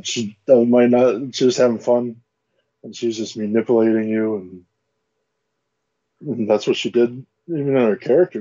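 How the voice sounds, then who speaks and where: Husky, laid-back male podcast co-host. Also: lowish voice, dark tone. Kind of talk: casual chat. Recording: dull lo-fi recording.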